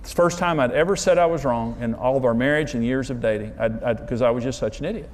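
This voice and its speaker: A man's voice: mid-range voice, quick pace, a little hiss or hum. A man preaching on marriage, telling candid, self-mocking stories and leaning hard on his punchlines. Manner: candid, self-deprecating storytelling; emphatic, building up to punchlines. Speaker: marriage speaker. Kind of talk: preaching talk with personal stories.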